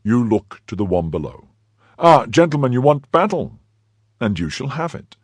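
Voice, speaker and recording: A man's voice: medium pitch, big pitch swings, moderate pace, no room sound, studio quality, pitched above the performer's own voice. A man reading a bold, commanding young swordsman. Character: bold young male swordsman, cool-headed.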